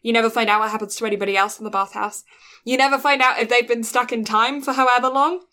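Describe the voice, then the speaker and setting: A woman co-hosting a casual podcast, retelling a film's plot in an animated way with quick quoted voices. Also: a little high. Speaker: podcast co-host. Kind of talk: casual film recap chat.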